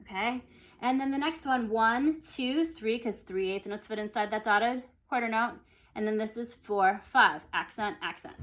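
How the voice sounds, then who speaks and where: A woman teaching an online music theory lesson, counting beats aloud and explaining in a relaxed, conversational way. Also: a little high, measured pace. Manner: relaxed and conversational, with fillers and restarts.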